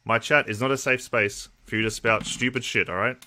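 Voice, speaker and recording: Blunt, bright-voiced Australian man streaming. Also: mid-range voice, fairly even intonation, brisk, a little hiss or hum. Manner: blunt, profane, talks to chat. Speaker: livestream host. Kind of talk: casual livestream chat.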